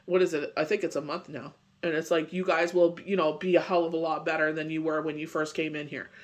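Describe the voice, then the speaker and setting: High-voiced man rambling through tarot. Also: a bit bright. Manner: rambling, full of "you know" and "it's just like". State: recovering from a bad cold. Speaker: tarot reader. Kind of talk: casual daily tarot reading.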